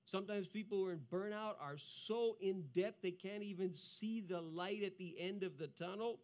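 A man's voice: sits high, normal speed, a little mellow. A man preaching a sermon as a pastor, earnest in tone and often repeating words as he goes.

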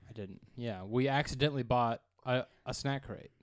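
A man's voice: mid-range voice, normal speed, clean tone. A man co-hosting a podcast in casual chat, joking and swearing as he rambles. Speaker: podcast co-host.

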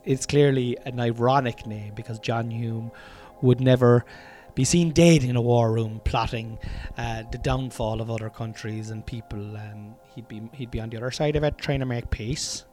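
Rambling, sweary Irish podcast host. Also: male voice, medium pitch, moderate pace, warm tone, faint music behind. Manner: rambling, self-interrupting, sweary and chatty. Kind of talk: casual solo podcast monologue. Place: room at home.

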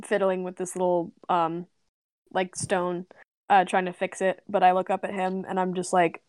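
A woman's voice: on the low side, completely flat delivery, normal speed, a little mellow, smooth, no room sound. A woman player in a casual tabletop game, talking chattily with many fillers.

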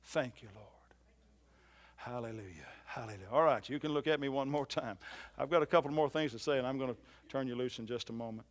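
A man preaching a sermon in a church, swinging from loud emphatic lines to soft low ones and repeating phrases for emphasis. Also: fairly even intonation, quick pace. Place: church hall.

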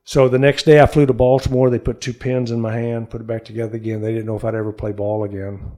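A man's voice: mid-range voice, level tone, quick pace, dark tone. A man from Texas, an interview guest and former pro baseball player, telling a personal faith story in an earnest, emotional way. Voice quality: gravelly, husky. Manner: earnest, emotional, acts out quoted voices. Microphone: studio mic.

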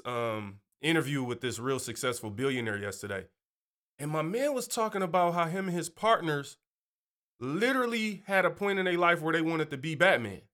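A man with a bright, lively voice gives a casual faith talk. He leaps up and down in pitch while he explains, chatty and animated. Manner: animated, chatty, keeps asking "you know". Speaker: Christian speaker.

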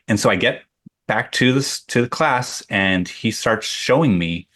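Low-voiced man telling a rambling story. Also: a little slow, fairly bright tone. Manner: rambling, with many restarts and fillers. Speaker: guest artist. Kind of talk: conversational storytelling.

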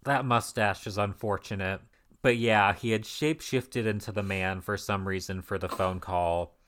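In a casual comic book discussion, this co-host recaps an old issue with sarcastic, profane, deadpan remarks. His voice is lowish and fairly bright, with fairly even intonation, a moderate pace, and a faint hiss or hum in the audio.

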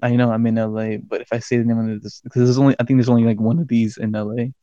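Young male co-host, animated rambling storyteller with a profane streak; warm-toned, muffled lo-fi mic. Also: mid-range voice, fast, no echo. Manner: rambling, swears a lot, animated retelling. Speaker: podcast co-host. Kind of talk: casual storytelling chat.

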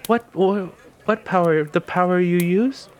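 A man's voice: high-pitched, measured pace, pitched above the performer's own voice. A man voicing a blunt, curious young female adventurer who asks squeamish questions.

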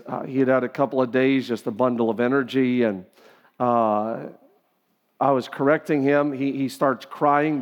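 A middle-aged man preaching a sermon as pastor, in an earnest, conversational way with frequent restarts. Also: medium pitch. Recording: long reverb of a large hall.

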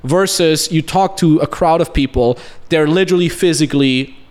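A man's voice: a little high, normal speed, a little mellow. A man in his late twenties, a podcast host and business coach, telling stories in a rambling, profane, self-mocking way. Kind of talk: casual storytelling chat.

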